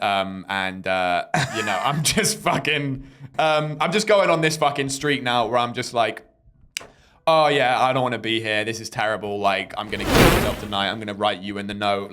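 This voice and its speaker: A man's voice: lowish voice, slight background noise. Young guy on a podcast, telling a comedy gig story, casual, does the voices. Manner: animated storyteller who mimics people in quotes. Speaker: stand-up comedian and podcast host.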